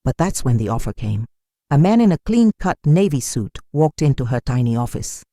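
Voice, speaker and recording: Warm, lively storybook narrator. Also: medium pitch, normal speed, no echo, studio quality.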